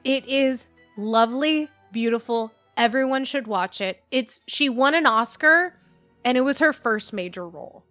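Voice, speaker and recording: A woman's voice: fairly high pitch, a little slow, a bit bright, faint music behind. A woman co-hosting a casual podcast who gushes about a film and acts out its scenes in quoted voices. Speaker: podcast co-host. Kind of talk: casual chat.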